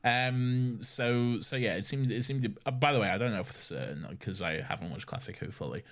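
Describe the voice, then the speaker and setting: A man's voice: medium pitch, brisk, a bit bright. A man co-hosting a podcast in casual chat, rambling and often restarting his sentences. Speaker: podcast co-host.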